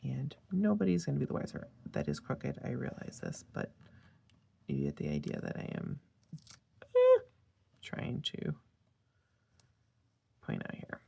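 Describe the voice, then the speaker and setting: A tired woman talks casually and rambles off on tangents. Her voice sits very low and grates with heavy fry. The tone is husky and dark. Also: wildly swooping pitch, unhurried, pauses often. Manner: chatty, rambling with tangents and fillers. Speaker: planner sticker vlogger. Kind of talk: casual chat.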